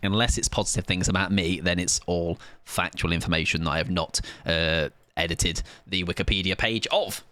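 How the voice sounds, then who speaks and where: Guy on a game stream, bright edgy tone, goofy self-mocking chatter. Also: sits low, fairly even intonation, normal speed, hardly any pauses, dry recording. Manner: joking, self-mocking, rambling. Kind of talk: live gaming stream chatter.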